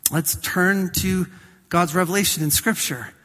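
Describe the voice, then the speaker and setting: A man preaching a sermon as pastor, swinging from loud to soft and slowing down on key phrases. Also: sits high, big-room sound.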